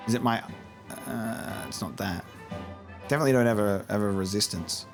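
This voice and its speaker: A let's play host comments casually on a game he's playing for the first time, chatty and profane, now and then mimicking the characters. His lowish, creaky voice moves at a moderate pace over music.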